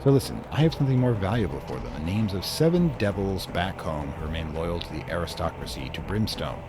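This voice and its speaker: A man's voice: deep voice, very animated, a little fast, background noise. A man voicing a giddy, scheming female devil aristocrat in exile, fluttery and gushing in a theatrical way. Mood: pleading.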